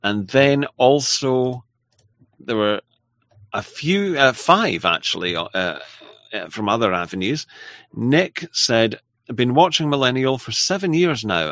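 Man hosting a relaxed livestream. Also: mid-range voice, dry recording. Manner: halting and apologetic, with frequent restarts and laughs. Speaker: livestream host. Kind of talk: casual livestream chat, reading viewer messages.

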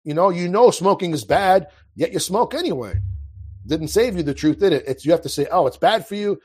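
A man's voice: a little high, lively intonation, a little fast, darkish tone, husky. A man speaking as a guest in a casual conversation, earnest and impassioned, often restarting his sentences. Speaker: podcast guest.

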